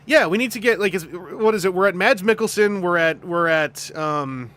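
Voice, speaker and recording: A man's voice: sits high, normal speed, fairly bright tone. A man chatting casually on his stream, rambling and jokey, often laughing and restarting his sentences. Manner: rambling and jokey, with frequent restarts, laughter and silly put-on voices.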